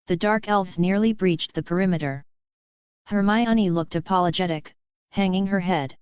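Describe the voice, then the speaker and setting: A woman narrating a fantasy audiobook with steady, scripted delivery. Her voice sits low and is smooth, recorded close and dry with a slightly muffled sound. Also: measured pace, dry recording. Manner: steady storytelling.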